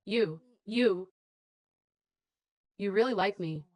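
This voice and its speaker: A woman's voice: medium pitch, takes it slowly, darkish tone, no room sound, lightly acted. A woman voicing a shy, guarded young mother in dubbed drama dialogue, talking in a hesitant, reserved way. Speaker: young mother being courted.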